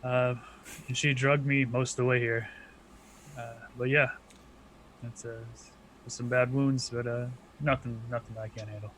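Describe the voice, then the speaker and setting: A man's voice: medium pitch, steady tone, moderate pace, long pauses, a bit bright, slight background noise, low-quality recording. Hesitant man at a game table. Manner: hesitant, lots of uhs and restarts. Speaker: player. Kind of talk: casual tabletop role-play.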